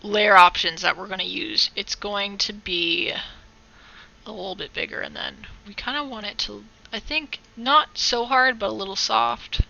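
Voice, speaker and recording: Through a muffled recording, a woman with a gravelly, sharp, mid-range voice leads a casual digital art tutorial on a live stream at moderate speed. She talks to chat as she goes, rambling, joking and correcting herself.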